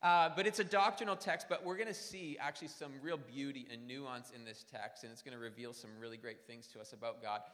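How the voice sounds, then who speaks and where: A man's voice: mid-range voice, steady tone, fairly quick, hardly any pauses, a bit bright. A man in his thirties preaching a sermon in a church, conversational and storytelling, with self-deprecating asides. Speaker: pastor. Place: church sanctuary. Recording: long church hall reverb.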